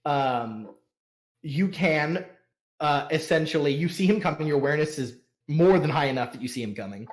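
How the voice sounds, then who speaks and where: A man's voice: a little high, animated, moderate pace. A man acting as game master who narrates a tabletop game in a rambling way, full of fillers and laughs.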